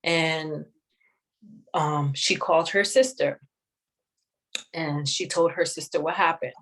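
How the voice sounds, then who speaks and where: A woman sharing a personal testimony in an interview, speaking in a measured, reflective way with many pauses. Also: low voice, fairly even intonation, fairly bright tone, rough recording. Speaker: guest sharing her testimony.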